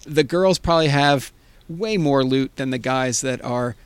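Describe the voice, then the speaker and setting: A man co-hosting a podcast, telling crude rambling stories in excitable banter. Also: mid-range voice, a little slow, clean tone, no echo. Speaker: podcast co-host.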